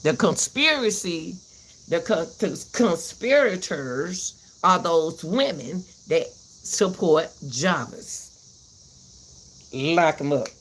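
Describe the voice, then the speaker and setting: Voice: medium pitch, expressive, slow, a bit bright, slight background noise. A host giving a heated commentary rant, repeating herself and cursing as she vents. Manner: fiery, repeats herself, cusses.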